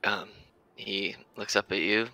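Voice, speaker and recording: A man's voice: on the low side, steady tone, measured pace, vocal fry, sharp tone, no echo, low-quality recording. A man narrating a tabletop game as game master, in a loose, casual way with lots of fillers.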